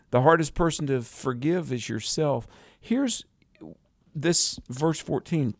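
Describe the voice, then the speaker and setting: A man's voice: medium pitch, vocal fry, darkish tone, dry recording, clean studio sound. Earnest man exhorting on radio. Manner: earnest, exhorting, slows for emphasis. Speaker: radio Bible teacher co-host. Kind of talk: radio Bible teaching.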